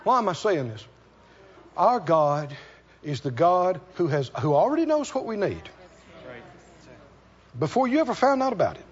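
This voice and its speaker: High-pitched animated preacher man. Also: husky, lo-fi sound. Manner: storytelling with animated asides and laughter; emphatic, repeats key lines slowly. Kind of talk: sermon.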